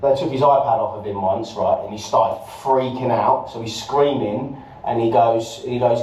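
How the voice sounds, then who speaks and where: British man, mellow, in an echoey room. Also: medium pitch, moderate pace, a little hiss or hum. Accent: British English. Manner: reminiscing, swearing, addresses the audience. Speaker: podcast co-host. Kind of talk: casual chat. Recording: roomy, distant, dull and lo-fi.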